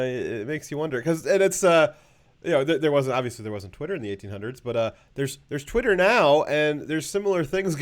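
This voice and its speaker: A man hosting a casual political talk show, rambling with many fillers and a sarcastic edge. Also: medium pitch. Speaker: show host.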